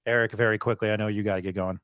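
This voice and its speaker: A man hosts a sports podcast, his fairly low voice steady in tone, racing along, a bit bright and smooth. He talks casually and rambles, restarting often, dropping fillers, and reeling off game scores.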